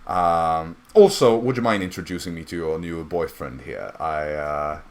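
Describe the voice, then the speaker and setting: A man's voice: sits low, measured pace, a little mellow, voice pushed down. A game master voicing a scheming male gang leader who poses as a noble, speaking in a genteel, condescending, wheedling way. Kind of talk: voicing a character in a tabletop game.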